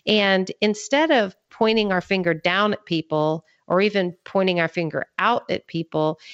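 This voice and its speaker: Guest author, American woman, lowish voice, earnest and explanatory; dry, dull recording. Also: dry recording. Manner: earnest, explanatory, measured teaching tone. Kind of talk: podcast interview.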